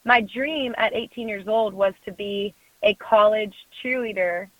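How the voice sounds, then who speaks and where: A young adult woman, a guest in an interview, telling a personal story in a lively way, acting out other voices and laughing often. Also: mid-range voice, a little slow, no echo. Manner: animated storyteller who acts out quoted voices and laughs often. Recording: phone-like dry sound.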